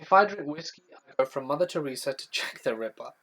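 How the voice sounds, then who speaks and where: A man's voice: a little high, animated, fast talker, a bit bright, a little hiss or hum. A young man with a southern English accent, hosting a casual livestream, telling a spooky story and answering chat in a rambling, self-correcting way. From south-east England. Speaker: livestream host.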